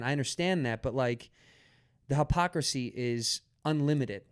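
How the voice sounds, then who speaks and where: A man's voice: medium pitch, normal speed, clear, resonant tone, dry recording, studio quality. Man telling a bar story with fillers. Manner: animated storyteller, acts out quotes, many fillers and restarts. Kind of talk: casual podcast chat.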